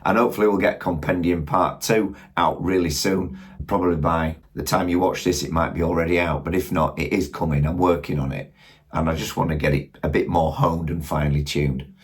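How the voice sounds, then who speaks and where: A middle-aged Yorkshire man talks through a casual hobby review in a deep, husky voice. He rambles along, thinking aloud and throwing questions at his viewers. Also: fairly even intonation, a little fast. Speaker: model railway channel host. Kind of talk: casual product review talk.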